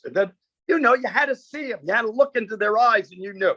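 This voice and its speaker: A man's voice: high-pitched, quick pace, fairly bright tone, no room sound. A man, a comedian guest, telling stories with punchy quoted bits and lots of animation.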